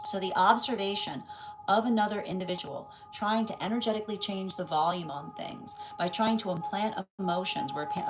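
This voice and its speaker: A woman's voice: medium pitch, poor audio. A woman giving a live tarot reading, rambling and tagging "right?" onto her points. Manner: rambling, repeats "right?" often. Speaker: tarot reader.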